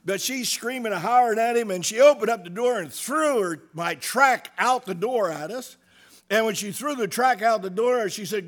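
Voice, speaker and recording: A middle-aged pastor preaching from the pulpit in a slightly higher-than-usual man's voice. He swings from loud emphatic bursts down to quiet, hushed asides, and stops to check in with the congregation. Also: animated, normal speed. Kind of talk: sermon.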